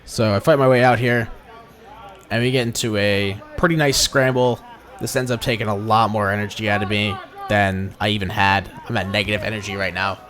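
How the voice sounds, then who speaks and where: A man's voice: fairly low pitch, steady tone, fairly quick, a bit bright. A young man giving casual, slangy voice-over commentary on his own footage as a vlogger. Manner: laid-back slangy, dude-and-bro talk.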